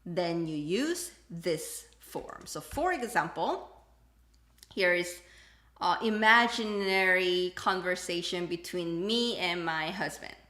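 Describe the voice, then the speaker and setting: A woman teaching a live online language lesson, her voice swinging widely in pitch as she acts out little example dialogues. She switches between English and Korean. The sound carries a noticeable room echo. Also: lively intonation, slow, pushed and bright.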